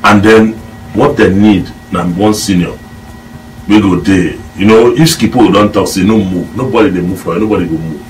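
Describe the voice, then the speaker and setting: Very low-voiced Nigerian Pidgin man, emphatic pundit, mic distant, faint noise. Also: moderate pace, a little mellow. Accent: Nigerian Pidgin English. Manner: emphatic, lecturing. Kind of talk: studio discussion.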